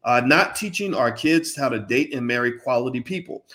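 A man's voice: medium pitch, lively intonation, normal speed, sharp tone. A man giving an impassioned monologue, preachy and emphatic, who repeats himself and talks straight to his listeners in casual slang. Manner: uses casual speech with slang. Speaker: commentator.

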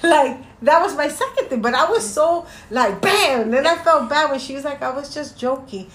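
Podcast cohost lady telling a story, kinda high voice, roomy echo. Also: normal speed. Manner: animated storyteller, laughs often. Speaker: podcast co-host. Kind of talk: casual chat. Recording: echoey room, faint noise.

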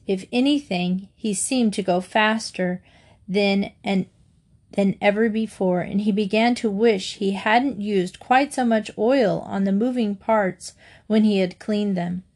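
A woman reading a children's storybook aloud in a gentle, steady storytelling manner. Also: medium pitch. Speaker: storybook reader.

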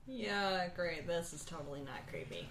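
A woman's voice: on the low side, lively intonation, moderate pace, fairly bright tone. A woman playing a tabletop game, making dry, sarcastic quips. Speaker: player. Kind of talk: tabletop role-play chat. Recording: echoey room.

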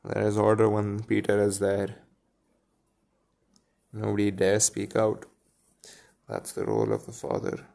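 A man reads a story aloud, pausing for musing asides. His voice sits low with a gravelly texture and a mellow, dark tone. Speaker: reader and commentator. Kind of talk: reading a story aloud with commentary.

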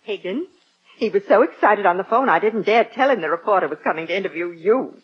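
A sweet, coaxing wife. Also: female voice, medium pitch, lively intonation, fast talker, breathy edge. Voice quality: gentle, coaxing. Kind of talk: 1940s radio sitcom acting. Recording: muffled old radio recording, faint hiss.

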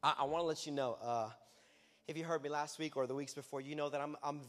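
A man preaching as a youth pastor in a sermon, talking in a loose, conversational way that breaks into loud, emphatic bursts. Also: on the high side, fairly even intonation, fast. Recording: long hall reverb.

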